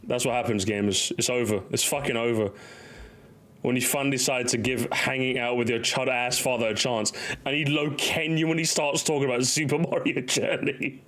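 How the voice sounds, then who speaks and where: A man's voice: medium pitch, moderate pace, fairly bright tone. A man casually reacting to memes, laughing often, swearing and acting out little bits.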